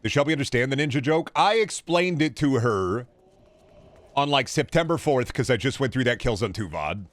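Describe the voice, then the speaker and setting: A man's voice: mid-range voice, animated, normal speed, no echo. Joking, crude male game streamer. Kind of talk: casual gameplay commentary.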